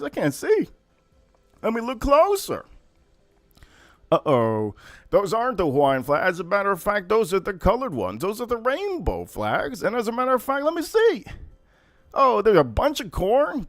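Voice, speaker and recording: A man hosting a casual livestream, telling stories in an animated, profane way. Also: sits high, dry recording. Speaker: livestream host.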